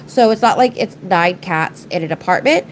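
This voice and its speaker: While doing her nails on a livestream at her work desk, a congested woman with a lowish voice chats casually, rambling to her viewers and her pets. Her intonation is lively and her speed normal. The audio is poor, with slight background noise.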